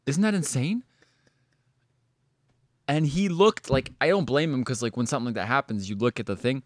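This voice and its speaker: A man telling a story in casual chat, animated and full of swearing, likes and restarts. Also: mid-range voice, moderate pace, no room sound.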